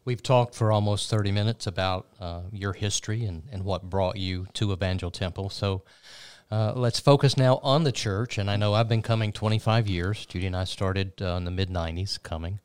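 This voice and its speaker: A man interviews a guest in a measured, unhurried way, stopping for fillers as he gathers his thoughts. His voice is very deep and smooth, recorded close and dry. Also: no room sound. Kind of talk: interview conversation.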